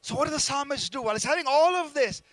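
A man's voice: very high-pitched, expressive, fast, a bit bright, dry recording. A man preaching a sermon, speaking emphatically and calling on the congregation to respond.

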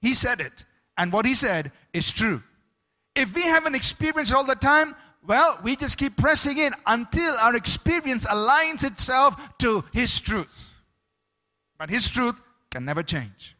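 A man's voice: extremely high pitch, animated, unhurried, bright, forceful tone. A man preaching a sermon as pastor, emphatic, stopping to ask the congregation for amens.

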